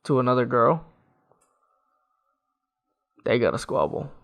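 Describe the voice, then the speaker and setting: A man's voice: medium pitch, very animated, a little slow, creaky, a bit bright. A man co-hosting a casual podcast, laid-back and blunt, talking loosely with lots of filler words. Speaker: podcast co-host. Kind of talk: casual chat.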